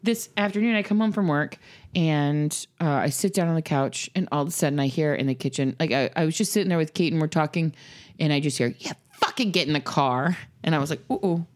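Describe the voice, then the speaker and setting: A woman in her thirties, her voice low and her pace quick, tells a family story in casual conversation. She's an animated storyteller who acts out the voices of the people involved.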